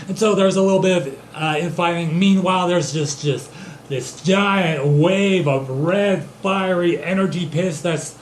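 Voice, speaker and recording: A man's voice: high voice, a little slow, reverberant, a little hiss or hum. A young man improvising an absurd, profane comedic story, rambling and loosely voicing the characters he quotes.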